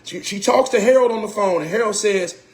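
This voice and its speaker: High-voiced man ranting in a roomy echo. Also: a little fast. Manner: animated, repeats phrases, swears, grows heated and shouts. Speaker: R&B singer telling a personal story. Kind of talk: casual storytime vlog.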